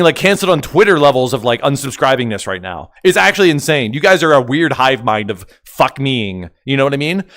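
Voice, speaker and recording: Loud, excitable young man streaming. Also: on the high side. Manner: loud, excitable, bursts into yelling; joking, self-mocking banter with chat. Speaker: livestreamer. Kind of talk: live stream chat with viewers.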